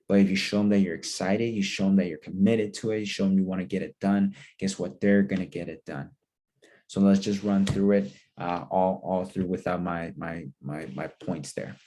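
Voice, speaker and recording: A man's voice: deep voice, steady tone, moderate pace, a little mellow. A man teaching a lesson on booking meetings. He coaches in a repetitive style and acts out both sides of sample phone calls. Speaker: sales trainer. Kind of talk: instructional role-play of phone calls.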